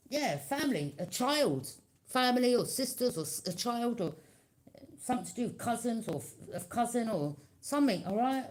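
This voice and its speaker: A woman's voice: fairly high pitch, big pitch swings, moderate pace, a little mellow. A woman giving a tarot reading to her viewers, talking in a loose, conversational way, often checking in with "okay?" and acting out quoted reactions in her own voice. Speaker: tarot reader.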